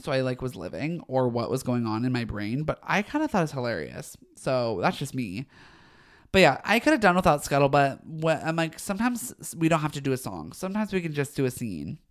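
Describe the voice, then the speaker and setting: A podcast host chatting alone in a casual, gushing way, full of slang and eager asides to listeners. Sentences often break off and restart with fillers as the excitement runs ahead of the words. The voice sits in a middle pitch. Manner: frequent fillers and trailing restarts. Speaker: podcast host reviewing a film. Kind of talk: casual solo podcast chat.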